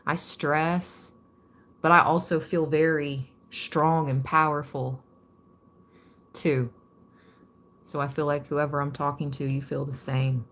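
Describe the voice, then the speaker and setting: A woman giving a calm, reflective tarot reading to her viewers. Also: low-pitched, slow, pauses often. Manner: calm and reflective, reading card meanings aloud. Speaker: tarot card reader.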